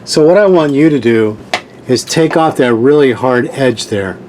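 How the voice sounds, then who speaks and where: A man's voice: mid-range voice, moderate pace, a little mellow, slight background noise. A man hosting a sewing tutorial, giving patient step-by-step instructions and repeating key points.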